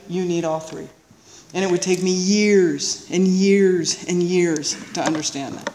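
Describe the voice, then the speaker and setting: A woman telling a personal recovery story to an audience, animated and confiding, laughing often and checking in with "right?". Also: mid-range voice. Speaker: speaker sharing a recovery story. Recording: roomy hall reverb, faint noise.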